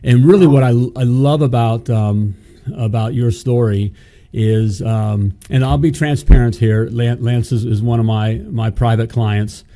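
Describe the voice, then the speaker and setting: A man's voice: mid-range voice, fairly even intonation, measured pace, dark tone. A man co-hosting a live business chat show, folksy and upbeat, often repeating himself. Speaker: co-host of a plumbing business show. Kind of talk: casual live-stream chat.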